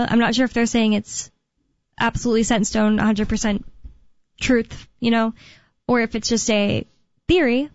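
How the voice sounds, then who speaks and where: A woman's voice: a little high, dry recording. A woman co-hosting a call-in talk radio show, chatting casually and rambling a bit with frequent laughs. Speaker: radio co-host. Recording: dull lo-fi radio sound.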